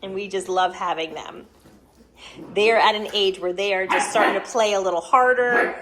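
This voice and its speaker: A woman's voice: medium pitch, moderate pace, very noisy. A woman hosting a casual home vlog from her living room, chatty and giggly, talking to viewers and breaking into baby talk with puppies. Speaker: dog breeder and channel host.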